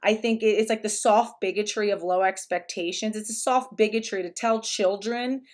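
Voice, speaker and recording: A woman's voice: mid-range voice, fairly even intonation, moderate pace. A woman speaking in a casual commentary vlog, rambling along with frequent restarts. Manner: rambling, with many restarts and fillers.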